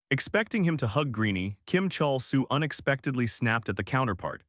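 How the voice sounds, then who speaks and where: A man narrating a recap story in a brisk, dramatic scripted style. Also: medium pitch, expressive, a bit bright, dry recording, clean studio sound.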